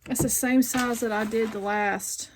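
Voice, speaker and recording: A woman's voice: a little high, steady tone, measured pace. A woman hosting a casual sewing tutorial, thinking aloud and rambling as she grows frustrated with her work. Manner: talks to herself, frustrated and rambling. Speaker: quilting video host. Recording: sewing machine noise behind.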